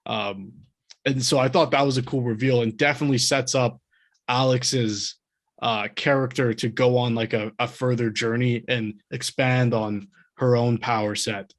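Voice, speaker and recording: A podcast co-host talks about a book in a casual, rambling, enthusiastic way, laughing often. He has a medium-pitched voice with fairly even intonation and a moderate pace.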